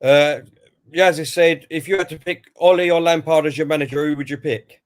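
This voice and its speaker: Man, somewhat high voice, live football commentary, reads out viewer chat, chatty and opinionated. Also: fairly even intonation, a little fast. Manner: chatty, reads out chat messages and then gives his view. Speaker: co-host of a football watch-along stream.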